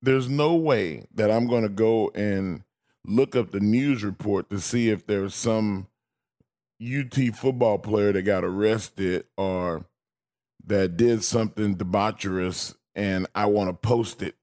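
A man's voice: lowish voice, slow, a little mellow. A man co-hosting a radio show, telling stories in a wry way with bursts of mock outrage. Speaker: radio co-host. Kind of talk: casual radio sports talk.

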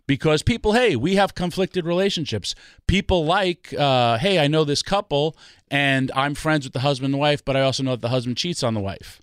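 A man's voice: mid-range voice, fairly bright tone, dry recording, clean studio sound. A man ranting about wrestling on a talk show, emphatic and full of rhetorical questions. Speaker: wrestling podcast guest. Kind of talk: passionate ranting commentary.

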